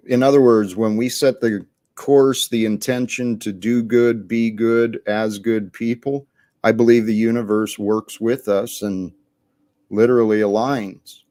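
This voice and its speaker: A man's voice: on the low side, fairly even intonation, unhurried, mellow, dry recording, clean studio sound. A man hosting a live panel chat, talking in an earnest, reflective way and laughing easily.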